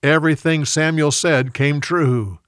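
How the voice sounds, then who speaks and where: A man reading a Bible story aloud in a clear, expressive storybook manner. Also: on the high side, unhurried, no echo, studio quality.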